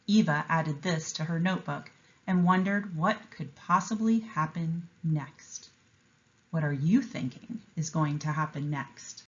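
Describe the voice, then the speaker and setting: A woman teacher reading a picture book aloud with an expressive, enthusiastic delivery and explaining a writing lesson to young students. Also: low voice, measured pace, muffled recording.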